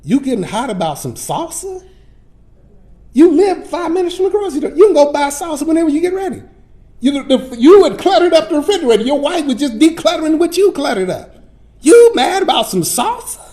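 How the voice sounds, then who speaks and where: A pastor voicing God as a fatherly figure who scolds him in rapid, exasperated questions. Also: extremely high pitch, big pitch swings, warm tone, pitched above the performer's own voice. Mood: exasperated scolding. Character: God, a teasing, no-nonsense fatherly voice.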